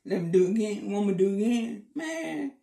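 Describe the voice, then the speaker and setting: A man's voice: sits high, expressive, a little fast, gravelly, mellow, far from the mic. Goofy guy clowning in a casual vlog, says stuff twice, roomy echo. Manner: playful, repeats himself, teasing. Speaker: vlogger. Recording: echoey room.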